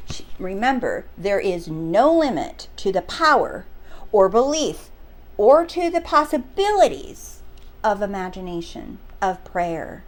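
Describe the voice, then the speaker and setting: A woman's voice: fairly high pitch, animated, a little slow. A woman hosting a motivational teaching talk, speaking emphatically and often asking the listener "do you see?". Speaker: host.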